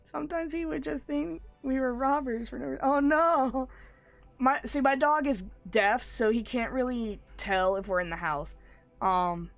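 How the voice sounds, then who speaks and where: A woman's voice: high voice, unhurried, vocal fry, faint music behind. A sick woman streaming a game, chatting and telling rambling stories. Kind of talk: casual gaming stream chat.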